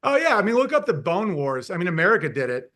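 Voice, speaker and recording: High, bright-voiced man riffing loosely. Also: quick pace. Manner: rambling, animated, mimics voices, laughs at his own jokes. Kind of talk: casual chat.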